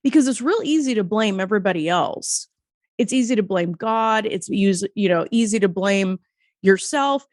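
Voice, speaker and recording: A woman's voice: medium pitch, lively intonation, moderate pace, darkish tone, no room sound, studio quality. An American woman with a nasal voice, hosting a podcast interview and talking emphatically and encouragingly. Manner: emphatic and encouraging, with casual swearing. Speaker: podcast host.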